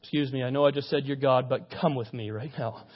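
A man's voice: fairly even intonation, fast talker, in a large hall, natural voice. A man playing Peter as a worried, protesting friend in a sermon retelling, pulling Jesus aside to argue, on a dull lo-fi recording. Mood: hushed urgent. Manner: low and hushed at first, then loud protest.

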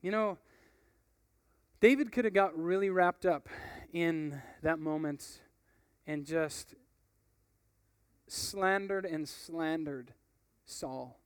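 A man's voice: on the high side, slow pace, long pauses, clear, resonant tone, dry recording, studio quality. A young man preaching in a casual, conversational way, telling a story and reading from a book. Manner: casual, conversational, uses fillers like "like" and "you know".

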